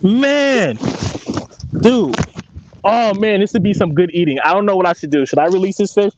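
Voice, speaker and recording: An excitable man with a high voice, exclaiming and swearing as he talks on a fishing boat outdoors. The sound is dull and lo-fi, with clear noise underneath. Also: normal speed. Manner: exclaims loudly, swears, calls people bro and dude. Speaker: angler. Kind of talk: excited casual chat while fishing.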